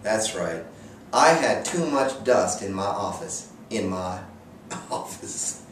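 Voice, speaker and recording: A man telling a comic story in a vlog, in an exasperated voice with deadpan sarcasm. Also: fairly low pitch, slow, a little hiss or hum. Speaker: vlogger. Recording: echoey room, distant mic, faint ambience.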